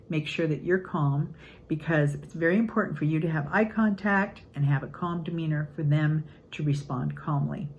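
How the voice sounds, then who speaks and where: Earnest grandmother with a low voice. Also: a little hiss or hum, poor audio. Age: older. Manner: earnest, upbeat, acts out quotes with lively voices. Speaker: parenting channel host. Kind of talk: casual teaching talk.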